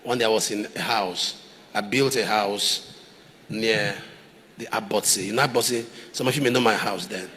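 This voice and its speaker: A man with a Nigerian English accent preaching a sermon, swinging between loud fervent outbursts and low, quiet storytelling. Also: moderate pace. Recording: large hall reverb, faint noise.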